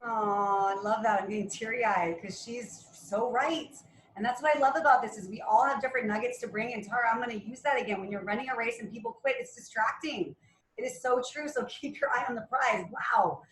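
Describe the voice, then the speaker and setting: Woman, call leader, chatty, fairly high voice, echoey room, faint background noise. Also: fast talker. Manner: warm praise, chatty with fillers. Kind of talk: leading a team call.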